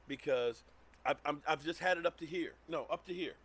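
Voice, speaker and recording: A man's voice: on the high side, a little fast, a bit bright. Worked-up man ranting on a livestream. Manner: worked-up, repeats himself. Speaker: sports livestream host. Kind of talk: heated rant.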